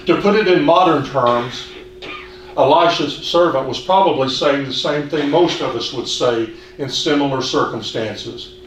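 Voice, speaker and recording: A man preaching a sermon in an earnest, measured way, asking the congregation questions. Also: medium pitch. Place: church hall. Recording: echoey hall, distant mic, faint hiss.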